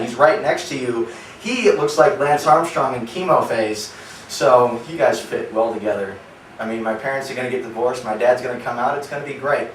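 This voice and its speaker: Recorded from a distance in a small comedy theater, the roomy live club sound carries a little hiss or hum. The performer is a young man in his early twenties with a medium-pitched voice, rambling through offhand stories in his stand-up set.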